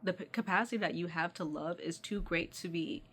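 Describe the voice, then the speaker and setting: A woman's voice: on the low side, fairly quick, a bit bright, slight background noise. Earnest woman giving a tarot reading. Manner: earnest, affectionate, speaks straight to the listener. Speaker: tarot reader. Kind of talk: channeled tarot reading addressed to the viewer.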